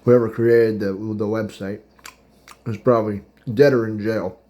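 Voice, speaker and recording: A man's voice: on the low side, little pitch movement, measured pace, lo-fi sound. Rambling man telling a dating story. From Pittsburgh area. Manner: rambling, chatty, laughs at his own story; eating while talking. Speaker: podcast host. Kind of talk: casual storytelling.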